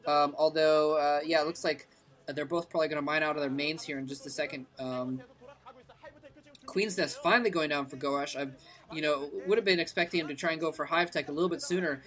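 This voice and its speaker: An esports commentator giving play-by-play commentary, hesitant with many ums and restarts, breaking into bursts of excitement at big plays. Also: medium pitch, a little fast.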